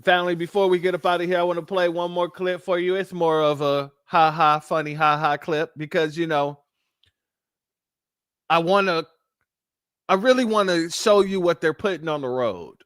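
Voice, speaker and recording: A fairly high-voiced man hosts a commentary show, indignant and insistent as he talks straight to his audience, whom he calls family. The sound is close and dry, with no room around it. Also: fairly even intonation, moderate pace, fairly bright tone, clear, resonant tone, no room sound. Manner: addresses listeners as family, indignant. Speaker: host.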